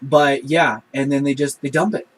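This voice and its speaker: A man giving a casual spoken review of a show episode, retelling scenes in a passionate, animated way. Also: mid-range voice, normal speed, breathy edge, rough recording.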